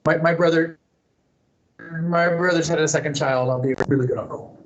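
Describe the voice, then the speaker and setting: A man's voice: fairly high pitch, fairly even intonation, a little fast, lo-fi sound, a little hiss or hum. A man answering fan questions in a casual live Q&A, chatty and thoughtful, with plenty of fillers and restarts. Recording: roomy echo, faint ambience.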